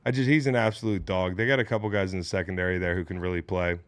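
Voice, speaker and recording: A man in his late thirties hosting a casual sports podcast, animated and joking, with plenty of swearing. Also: low-pitched, very fast, no room sound. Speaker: podcast host.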